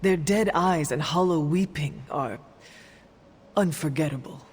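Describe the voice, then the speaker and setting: A man's voice: on the high side, unhurried, a little hiss or hum, close to an everyday voice. An actor playing a formal, dry-witted man with precise diction in a video game. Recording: game audio with faint music.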